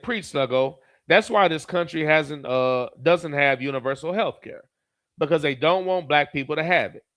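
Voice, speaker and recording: A man's voice: on the high side, expressive, normal speed, fairly bright tone, dry recording. A man who reads viewer comments aloud as a streamer and gives blunt, profane, heated commentary. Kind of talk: profane live commentary reading chat.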